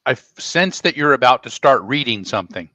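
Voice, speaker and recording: A man's voice: mid-range voice, expressive, a little fast, bright, forceful tone, no echo. A middle-aged man co-hosting a casual podcast chat, wordy and stumbling, repeating himself. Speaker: podcast co-host.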